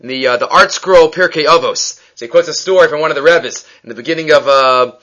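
A man teaching a text-study lecture, lively, often checking in with "right?" and acting out the people in his stories. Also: on the high side, quick pace. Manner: lively, questions the listener with frequent "right?"; acts out quoted speakers in the stories he tells. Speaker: Talmud teacher.

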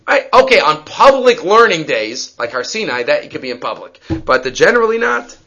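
A man teaching a Talmud lesson, reading Aramaic and Hebrew aloud and explaining it in quick English, acting out each exchange. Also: on the high side, rough recording. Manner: animated, acts out dialogue with rising voice. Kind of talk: lively Talmud lecture.

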